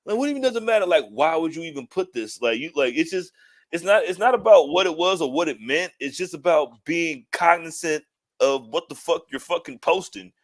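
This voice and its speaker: A man's voice: fairly high pitch, animated, a little fast. A man co-hosting a podcast, ranting heatedly and profanely with lots of restarts. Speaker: podcast co-host. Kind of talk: casual podcast chat.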